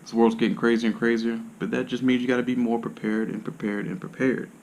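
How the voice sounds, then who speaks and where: A man who works as a massage therapist, rambling to camera in casual monologue with blunt, profane slang and sudden jumps in loudness. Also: medium pitch, little pitch movement, fast, a little hiss or hum.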